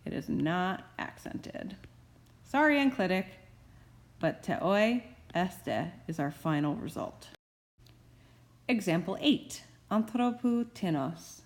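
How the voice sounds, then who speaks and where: Slow, low-voiced woman professor. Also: animated, darkish tone. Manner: slow, careful explaining with playful asides. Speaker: Greek professor. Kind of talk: recorded grammar tutorial.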